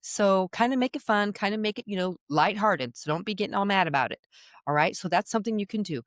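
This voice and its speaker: A middle-aged woman giving parenting advice straight to camera in a chatty, animated way, checking in with her listeners again and again. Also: mid-range voice, quick pace, no room sound, studio quality. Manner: animated, chatty, keeps checking in with "okay?" and "all right?". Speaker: parenting coach. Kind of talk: direct-to-camera advice talk.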